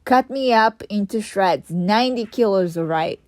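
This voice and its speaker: A woman's voice: mid-range voice, moderate pace, no room sound, clean studio sound. A woman reading her own memoir aloud, with sarcastic, ranting asides to the reader. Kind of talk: audiobook narration.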